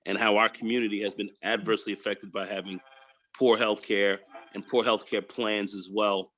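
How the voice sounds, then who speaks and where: A man hosting a casual group chat, animated, repeating his words and swearing freely. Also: fairly low pitch, normal speed.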